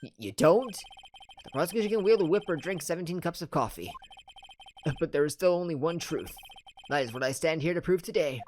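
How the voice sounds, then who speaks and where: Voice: mid-range voice, animated, a little fast, a little mellow, a little hiss or hum, close to an everyday voice. A let's-play host reading the lines of an arrogant, cold young female prosecutor in a game. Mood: haughty.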